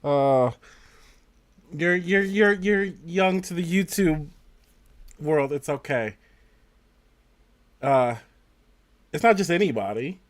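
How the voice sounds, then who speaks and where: A man's voice: a little high, expressive. A man co-hosting a live podcast, talking casually and hesitantly with frequent uhs. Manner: slow, hesitant, lots of uhs. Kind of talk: casual chat.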